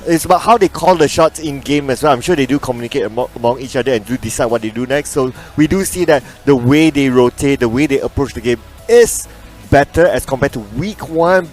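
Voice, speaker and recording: A man co-casting an esports broadcast, relaxed and good-humored with teasing remarks. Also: a little high. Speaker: esports caster. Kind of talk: casual esports commentary.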